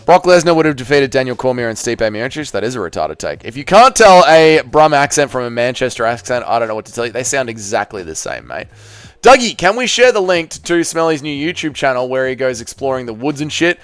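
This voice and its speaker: A man's voice: mid-range voice, sing-song, a little fast, clear, resonant tone, no room sound. A man hosting a casual livestream, reading out viewer comments and answering in a blunt, sarcastic way while swearing freely. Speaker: livestream host.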